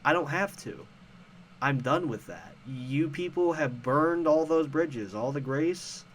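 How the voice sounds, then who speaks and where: A man's voice: a little high, lively intonation, slow pace, a little hiss or hum. A man hosting a casual commentary show, ranting about online arguments in a profane, sarcastic, heated way. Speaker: host.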